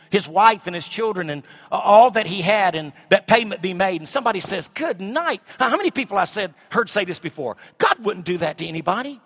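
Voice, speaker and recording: A middle-aged man preaching a sermon as pastor, swinging from shouts to hushed asides. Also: high-pitched.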